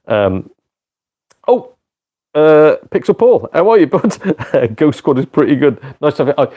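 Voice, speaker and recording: A man's voice: fairly low pitch, dark tone. A man chatting casually with viewers on a live gaming stream. He is self-deprecating, swears and laughs often. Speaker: gaming live streamer and part-time comedian.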